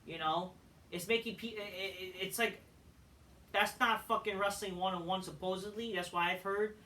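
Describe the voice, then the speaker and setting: A man's voice: sits high, fairly even intonation, moderate pace, pushed and bright, far from the mic, a little hiss or hum. A man reviewing a wrestling show in a blunt, profane rant with frequent restarts, recorded away from the mic. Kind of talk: ranting commentary.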